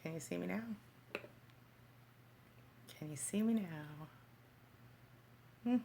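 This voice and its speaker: A woman hosts a relaxed livestream on her phone. Her voice sits low with a gravelly, fry-touched edge. She talks in quick, chatty bursts, laughs easily and thanks her viewers one by one. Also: a little hiss or hum. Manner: chatty, greets and thanks viewers by name, reads comments aloud. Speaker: livestream host. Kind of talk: casual live chat with viewers.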